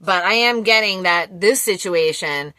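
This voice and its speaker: A woman giving a casual collective tarot reading, blunt and quick to swear, laughing often. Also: lowish voice, sharp tone, dry recording. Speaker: tarot reader.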